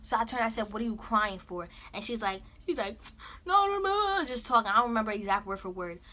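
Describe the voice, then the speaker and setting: A young woman vlogger telling a school story in casual, animated chat with a friend. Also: fairly high pitch, fairly quick. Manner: animated, talks over her friend.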